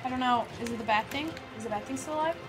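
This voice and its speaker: A woman's voice: on the high side, racing, over music. A woman playing a video game with a friend, chatting casually, startling easily and laughing often. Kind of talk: casual gameplay chat.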